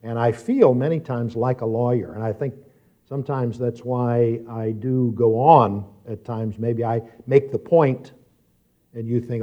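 A male preacher of middling pitch delivers a sermon, talking through his thoughts in a low, reflective voice before rising into loud, emphatic reading and pointed questions to the congregation. The recording is somewhat dull and lo-fi. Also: unhurried. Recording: dull lo-fi sound.

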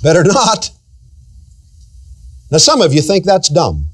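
Emphatic preacher man, high lively voice. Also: slightly rough. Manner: drawn-out emphatic preaching, acting out everyday quotes. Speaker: pastor. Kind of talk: sermon.

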